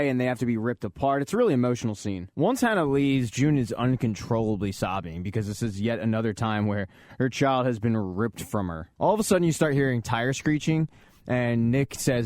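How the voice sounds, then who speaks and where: A man in a dead, dry room talks through a TV drama recap with a casual, sarcastic edge. His voice sits at an ordinary middle pitch and he drops crude asides without slowing down. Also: animated, a little mellow, no echo. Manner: sarcastic, candid, swears casually. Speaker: recap host.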